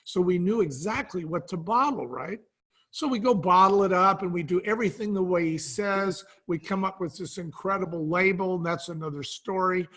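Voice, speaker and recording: A man with a high, bright, forceful voice spins a lively business story as an interview guest. He keeps slipping into the voices of the people he met, tagging each line with "he says.". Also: normal speed. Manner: storyteller who acts out quoted dialogue with frequent "he says". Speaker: guest, wine brand cofounder. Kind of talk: animated anecdote telling.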